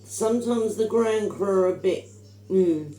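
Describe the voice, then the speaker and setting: A woman's voice: mid-range voice, unhurried, mellow, roomy sound, a little hiss or hum, poor audio. A middle-aged woman, telling stories in casual chat, emphatic and opinionated. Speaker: vlogger.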